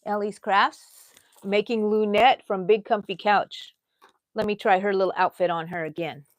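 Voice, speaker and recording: A woman's voice: medium pitch, steady tone, normal speed, no echo. A middle-aged woman, hosting a casual crochet livestream, rambling and chatting with viewers as she works.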